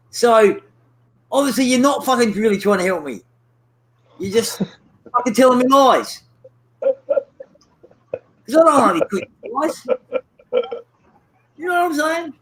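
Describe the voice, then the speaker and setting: A man's voice: extremely high pitch, fairly bright tone, rough recording. A man chatting casually on a livestream, rambling and ranting with constant swearing. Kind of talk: casual chat.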